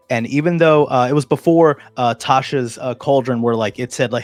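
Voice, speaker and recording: A man's voice: mid-range voice, normal speed, few pauses, no room sound, faint music behind. A man hosting a casual chat, telling a long story with many restarts and fillers. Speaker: podcast host.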